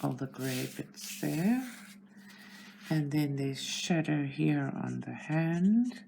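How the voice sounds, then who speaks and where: A woman hosting a coloring video from home, talking quietly and thinking aloud as she works. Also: low voice, animated, takes it slowly, creaky, a little hiss or hum. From South Africa. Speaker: coloring channel host. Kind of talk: relaxed narration while coloring.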